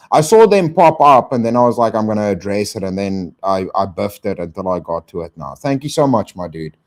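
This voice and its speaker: A man's voice: fairly low pitch, a little mellow. A man hosting a casual live stream, swearing and thanking donors in slang.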